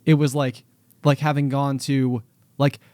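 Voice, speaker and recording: In studio-quality audio with no echo, a podcast co-host in his thirties speaks at medium pitch, level and unhurried, with a darkish tone. His casual chat rambles, full of fillers and restarts.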